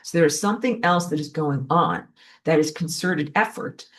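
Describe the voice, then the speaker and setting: A woman giving a casual spoken lecture, talking in a chatty way with lots of "like" and fillers. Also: normal speed. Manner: animated, acts out quoted voices with jumps in pitch; chatty, heavy use of "like" and fillers. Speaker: online lecturer.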